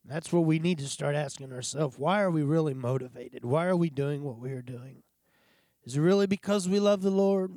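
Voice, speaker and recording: A man preaching a sermon in an earnest, confessional way, pausing and sighing between thoughts. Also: fairly high pitch, warm tone, no room sound, studio quality.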